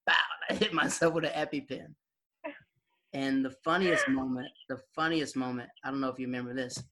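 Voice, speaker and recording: A young man casually reminiscing with an old friend, animated, acting out quoted voices and laughing often. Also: medium pitch, brisk. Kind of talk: casual storytelling chat.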